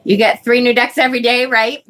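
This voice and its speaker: Her pitch is fairly high and her delivery flat, a little fast, with a fairly bright tone. Hosting a live tarot stream, she reads out viewers' comments and chats in a scattered way, drifting off topic a lot and cursing casually when irritated.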